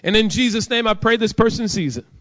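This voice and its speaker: High-pitched pastor guy preaching hard, sometimes yelling, muffled lo-fi sound. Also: lively intonation, fast talker. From Jacksonville, USA. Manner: fervent preaching, bursts of shouting, drops to quiet storytelling. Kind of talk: sermon.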